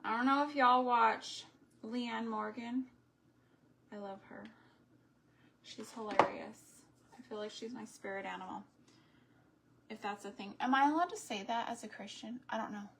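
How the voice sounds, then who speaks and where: A woman's voice: on the high side, normal speed, gravelly, long pauses, a bit bright. A woman hosting a live crafting stream, chatting in long rambling asides while she works with her hands. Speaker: homesteading craft host.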